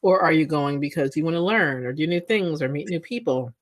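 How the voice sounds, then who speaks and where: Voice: mid-range voice, fairly quick, no echo. A podcast guest speaking reflectively, building points with "right?" and "you know.". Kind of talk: reflective conversational talk.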